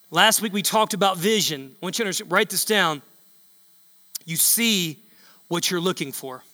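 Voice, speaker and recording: A male pastor preaching a sermon in a large church hall, emphatic and repetitive, building up to shouts. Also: sits high.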